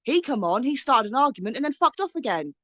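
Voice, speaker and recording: A woman's voice: a little high, big pitch swings, fast, over a noisy crowd. A woman guest on a livestream, insistent and accusing as she argues her side. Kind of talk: heated livestream argument. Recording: dry muffled lo-fi stream audio.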